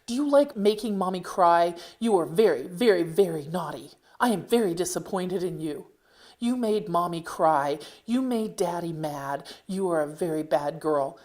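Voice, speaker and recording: A stern father scolds his little girl in a calm, low voice, his anger held tight beneath the words, as a woman reading her own story puts him on. He repeats himself slowly and deliberately. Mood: stern scolding. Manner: calm but angry, repetitive scolding. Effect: played back from a cassette tape.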